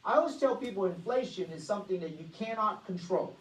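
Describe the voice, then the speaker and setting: Energetic woman presenting in an echoey room. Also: medium pitch, quick pace. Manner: energetic, rhetorical questions to the audience. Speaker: financial workshop presenter. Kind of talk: motivational presentation. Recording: echoey room, voice far from mic.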